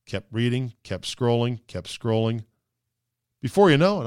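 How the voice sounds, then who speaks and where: A man's voice: medium pitch, lively intonation, fairly quick, a little mellow, smooth, no room sound, studio quality. A man hosting a podcast, delivering a sarcastic casual monologue and slipping into mocking voices. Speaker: podcast host.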